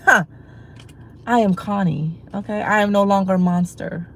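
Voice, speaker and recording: A woman's voice: medium pitch, unhurried, a bit bright, low-quality recording. A woman hosting a livestream, chatting casually to her viewers in rambling talk full of fillers and restarts, and laughing easily. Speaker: livestream host.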